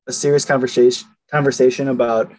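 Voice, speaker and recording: A man's voice: mid-range voice, little pitch movement, quick pace, darkish tone, poor audio. A man co-hosting a podcast, teasing the others in casual chat and laughing between lines. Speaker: podcast co-host.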